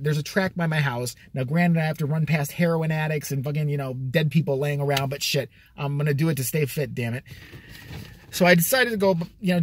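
Sarcastic, swearing man ranting. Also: on the high side. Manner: sarcastic, swears a lot, exasperated. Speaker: vlogger. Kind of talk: profane comic rant.

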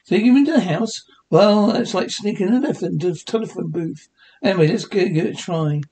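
A man's voice: high-pitched, brisk, darkish tone. Barney Rubble, a man doing a chummy cave neighbor. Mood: worried. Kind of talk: cartoon voice recreation.

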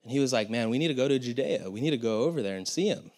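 A young pastor preaching with earnest, conversational energy. He keeps his pitch in a middle range and talks to the congregation in a casual, down-to-earth way. His delivery circles back on itself with restarts and asides. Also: expressive, rapid-fire, darkish tone. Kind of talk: sermon.

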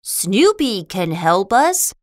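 A woman voicing a gentle, worried young boy who speaks mildly and apologetically. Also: mid-range voice, big pitch swings, slow pace, no echo, clean studio sound. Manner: mild, apologetic.

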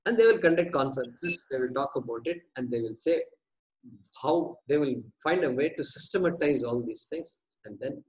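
Man teaching verses in class, pitched somewhat high. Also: poor audio. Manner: breaks Sanskrit terms down word by word, repeating them; asks questions and answers them himself. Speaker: scripture teacher.

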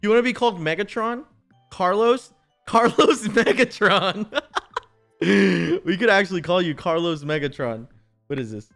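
A man's voice: high voice, animated, moderate pace, creaky, a bit bright, soft background music. Joking, profane young male streamer. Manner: profane, joking and teasing, bursts into laughter. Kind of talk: casual live-stream chat while gaming.

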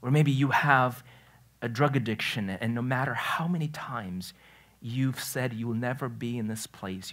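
A man pastor delivers a relaxed, conversational sermon in a church, with a voice of ordinary middle pitch. He tells stories in a chatty way, restarts his phrases often and slips into loose, everyday talk. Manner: storytelling, chatty, self-correcting, laughs at his own story. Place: church sanctuary.

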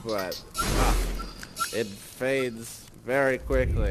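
A hungover man chatting casually with friends in a rambling, drawn-out way, full of sighs and oh's. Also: medium pitch. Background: music.

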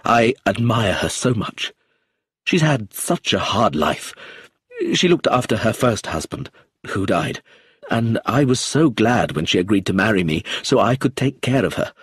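A man's voice: on the low side, very animated, measured pace, a bit bright, breathy edge, dry recording, studio quality, exaggerated voice. A man voicing a volatile, emotional middle-aged man. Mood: remorseful. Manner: bursts into agitated, rising outbursts.

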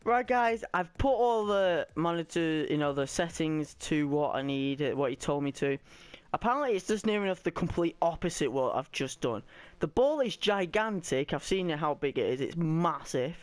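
Excitable young man shouting over gameplay. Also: normal speed, smooth, dry recording. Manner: excitable, shouts and squeals at plays; voice cracks high when excited. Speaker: gaming YouTuber. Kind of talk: live gameplay commentary.

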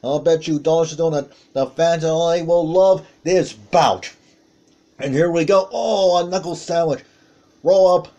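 A man doing play-by-play commentary on a wrestling match, calling out moves with excited exclamations. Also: a little high, normal speed, muffled recording.

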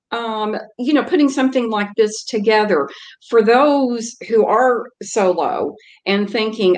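An American woman talking as a guest in a casual interview, earnest and halting, with many fillers. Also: on the high side. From United States. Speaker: guest, community organizer.

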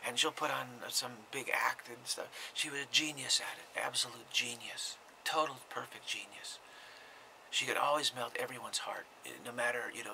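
Man, spiritual teacher, gravelly voice, sharp tone, informal talk, frequent whispers, halting repetitions. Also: medium pitch, a little hiss or hum, low-quality recording. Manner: often drops to a breathy whisper, halting repeated words.

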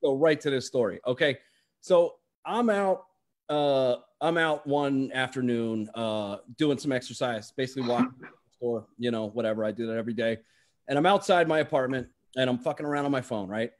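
A man's voice: medium pitch, a little fast. A young man doing stand-up on a video call, telling a story in a rambling way full of "like" and restarts. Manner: rambling, full of "like" and restarts, acts out quoted voices. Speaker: stand-up comedian. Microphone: video call microphone.

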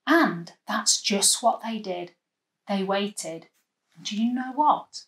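A woman leading a children's church session, telling a Bible story with lively voices and asking the children at home to join in. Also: mid-range voice, slow. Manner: animated, acting out the story with voices and gestures.

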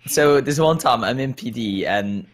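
A guy co-hosting a laid-back gaming podcast. he tells stories in a loose, rambling way, with plenty of fillers and "like"s. his pitch sits right in the ordinary middle for a man. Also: expressive, measured pace. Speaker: podcast co-host and gamer. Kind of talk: casual chat.

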